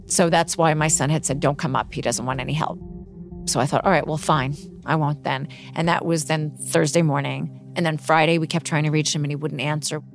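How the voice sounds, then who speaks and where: Low voiced middle-aged woman, halting and emotional, faint music behind her. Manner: halting, emotional retelling with many restarts. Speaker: interview guest. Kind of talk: personal account in an interview.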